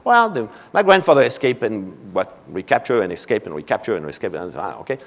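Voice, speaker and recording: A man's voice: on the low side, very animated, a little fast, fairly bright tone. A man in his seventies from France, speaking with a French accent, giving a conference keynote as a string of anecdotes with many "you know" asides. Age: 70s. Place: convention hall. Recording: long reverb of a large hall.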